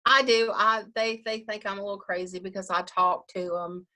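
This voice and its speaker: A woman's voice: medium pitch, fairly even intonation, moderate pace. Chatty woman funeral director. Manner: warm, chatty, laughs often, quotes people in dialogue. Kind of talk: casual conversational interview.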